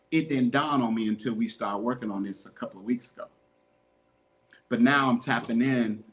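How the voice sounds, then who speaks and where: On a muffled recording, a man with a mid-range voice hosts a podcast. He hands out earnest, repetitive relationship advice in a casual, preachy manner, addressing his listeners as "man."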